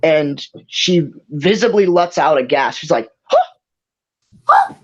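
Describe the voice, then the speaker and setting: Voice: medium pitch, a little slow. A game master narrating a tabletop game in a rambling, casual way with many restarts. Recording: dull lo-fi recording.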